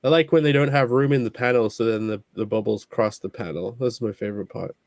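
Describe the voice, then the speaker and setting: A man's voice: medium pitch, steady tone, fast talker, a little mellow, no echo, clean studio sound. A man co-hosting a casual podcast, sarcastic and joking, often slipping into silly mock voices. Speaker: podcast co-host. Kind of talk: casual chat.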